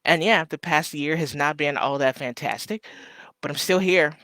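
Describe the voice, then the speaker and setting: A small shop owner hosting a casual live stream, talking to viewers in a rambling, heartfelt way with lots of ums and shout-outs. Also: mid-range voice, normal speed, dry recording. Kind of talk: casual livestream chat to viewers.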